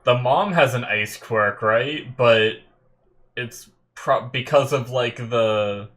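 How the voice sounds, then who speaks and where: A man reacting aloud to an anime episode, exclaiming and thinking out loud, getting teary and emotional. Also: mid-range voice, takes it slowly. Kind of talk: live reaction commentary.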